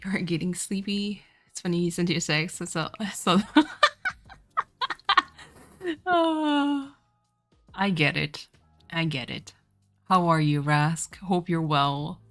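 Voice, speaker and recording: Chill low-voiced woman streamer, grew up in france, french first language, laughs at chat a lot, slow easy talk. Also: animated. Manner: chatty, laughs often, reacts to chat. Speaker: streamer playing a game. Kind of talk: casual gameplay commentary, chatting with viewers. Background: faint game music.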